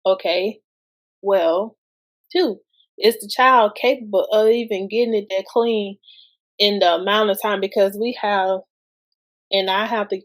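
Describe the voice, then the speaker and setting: A woman talks slowly and at ease in a casual podcast chat. Her pitch sits mid-range for a woman, and she keeps posing rhetorical questions as she makes her points. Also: steady tone. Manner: slow, conversational, asks many rhetorical questions. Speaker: guest podcast host. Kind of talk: casual parenting talk.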